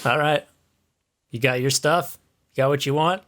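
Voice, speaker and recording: A man's voice: medium pitch, normal speed, a bit bright. A man playing a tabletop game, easygoing and chuckling. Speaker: player.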